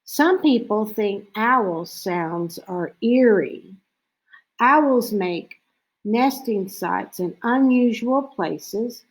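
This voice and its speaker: Slow, clear woman reading aloud. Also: mid-range voice, animated, poor audio. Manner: slow, clear reading with owl-call imitations. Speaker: teacher reading to children. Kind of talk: read-aloud picture book lesson.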